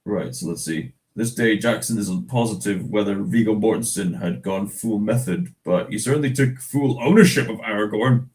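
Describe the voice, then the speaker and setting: A man's voice: lowish voice, normal speed, hardly any pauses, a little mellow, low-quality recording. A Scottish man hosting a livestream, reading news aloud in casual chat, chuckling often and stumbling over restarts. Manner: chatty, chuckles often, many fillers and restarts. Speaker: livestream host.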